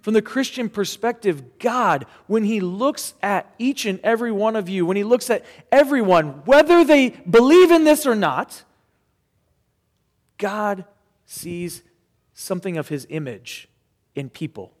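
High-voiced man preaching in a hall. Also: sing-song, a little slow. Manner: earnest, conversational preaching with casual asides. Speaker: pastor. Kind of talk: sermon.

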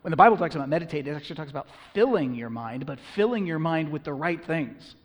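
A man's voice: fairly high pitch, animated, fast, in a large hall. A man preaching a sermon as pastor, earnest and emphatic, with rhetorical questions.

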